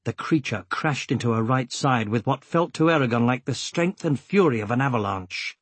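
A man reading a story aloud as narrator, in a slow, deliberate, dramatic manner. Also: medium pitch, expressive, husky, dry recording. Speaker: audiobook narrator. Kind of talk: scripted narration.

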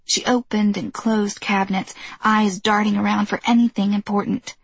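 Husky woman narrating an audiobook. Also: medium pitch, flat delivery, normal speed, no room sound.

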